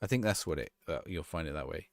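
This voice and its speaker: Casual male streamer, rambles chatting with viewers, lower voice that swings up and down, close dry mic. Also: expressive, fast talker, gravelly, dry recording. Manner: casual, rambling, answering chat questions. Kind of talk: live-stream gameplay chat.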